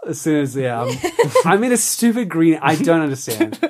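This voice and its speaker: A man's voice: on the high side, huge pitch swings, normal speed. A young man hosting a casual podcast chat, rambling, swearing and acting out quoted lines. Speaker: podcast host.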